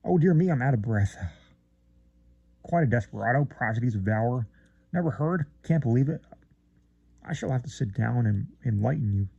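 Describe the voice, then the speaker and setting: A man's voice: medium pitch, expressive, normal speed, gravelly, pauses often, mellow, husky, dry recording, highs cut off. A man reading aloud, voicing a chattering, fussy society lady who gushes breathlessly from one remark to the next. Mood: gushing. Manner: breathless, gushing, flitting between remarks.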